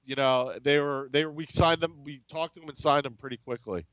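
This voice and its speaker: A man's voice: fairly high pitch, brisk, a bit bright, smooth, lo-fi sound. A man, a game studio's CEO, chatting as a podcast guest, rambling with frequent restarts and acting out quoted dialogue. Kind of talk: casual interview storytelling.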